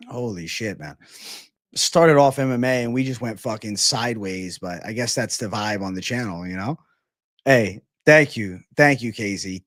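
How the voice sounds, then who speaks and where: A man hosting a live stream in casual chat, animated, swearing and calling everyone 'bro'. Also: medium pitch, no room sound, studio quality. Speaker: stream host.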